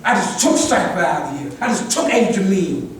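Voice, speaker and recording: A man's voice: high-pitched, lively intonation, normal speed. Older man preaching in an echoey room. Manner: preachy, repeats "God" as address, restarts often. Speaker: speaker at a community gathering. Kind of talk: impassioned address to a group. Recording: echoey room, distant mic, faint noise.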